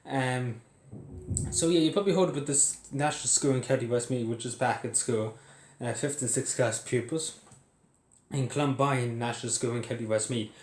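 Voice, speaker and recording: A man's voice: medium pitch, moderate pace, darkish tone, a little hiss or hum. A young Irish man angrily ranting to his camera at home, swearing and laughing bitterly at what he reports. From Ireland. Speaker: vlogger. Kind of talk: angry ranting commentary to camera. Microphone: phone or camera set on its side. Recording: echoey room.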